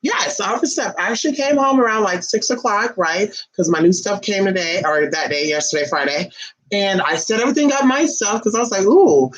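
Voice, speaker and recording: A woman hosting a casual livestream, talking in an animated, swear-heavy ramble. She chats to viewers by name and to her pet between stories. The voice sits at a middling pitch. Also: a little fast, poor audio. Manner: animated, profanity-laced storytelling; talks to viewers and a pet while reading comments. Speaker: livestream host.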